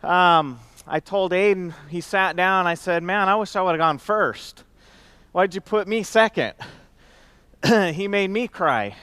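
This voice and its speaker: A man's voice: fairly high pitch, clean tone, dry recording. Man, friendly speaker, clean close mic, dry sound. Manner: warm conversational with many fillers and restarts. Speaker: company executive speaking at event. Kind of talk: casual heartfelt stage speech.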